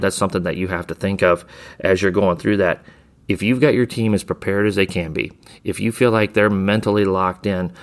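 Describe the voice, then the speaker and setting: Deep-voiced middle-aged coach talking shop. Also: male voice. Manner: conversational, repeats words on restarts. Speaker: basketball coach, podcast host. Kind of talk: casual coaching talk.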